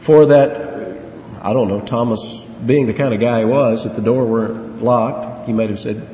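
A man preaching an earnest, emphatic sermon in a mid-pitched voice, dwelling on key words and throwing out rhetorical questions. His voice carries a long, roomy reverb in a large hall. The recording is dull and lo-fi. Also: fairly even intonation, moderate pace, dark tone. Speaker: preacher teaching a Bible passage. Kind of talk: expository sermon. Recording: echoey hall, dull lo-fi sound, faint hiss.

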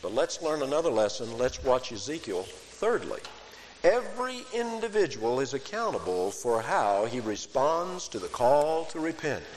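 A man preaching an expository sermon, emphatic and pressing, jumping up in pitch on key words. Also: big pitch swings, normal speed. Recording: hall reverb with faint hiss.

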